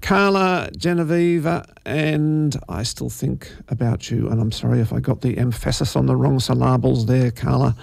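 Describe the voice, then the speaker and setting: Gravelly male radio host, dry close sound, easygoing and rambling. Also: medium pitch, steady tone, moderate pace, hardly any pauses, warm tone, dry recording. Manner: rambling, chatty asides with many fillers. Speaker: community radio presenter. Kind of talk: casual radio presenting.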